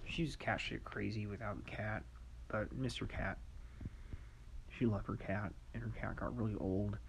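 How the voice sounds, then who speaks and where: Rambling, gravelly-voiced podcast man. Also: lowish voice, steady tone, moderate pace, slight background noise. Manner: profane, rambling and scattered, laughing to himself. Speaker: podcast host. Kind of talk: rambling monologue.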